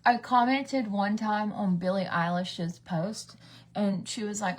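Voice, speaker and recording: Her husky, medium-pitched voice moves at a moderate pace as she spins rambling, gossipy tales during a get-ready-with-me session. She's a US beauty vlogger in her thirties who performs the voices of the people she describes.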